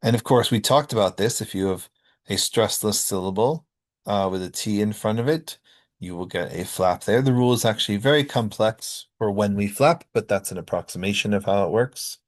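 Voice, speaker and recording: A man from North America explaining sound rules in a recorded linguistics lecture, often pausing on ums and uhs. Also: fairly low pitch.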